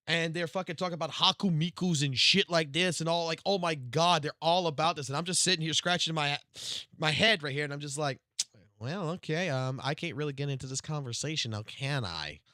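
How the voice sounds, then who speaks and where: A man streaming live, reacting to game news in a profane, excitable rant that swings from low mutters to loud outbursts. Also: dry recording, clean studio sound.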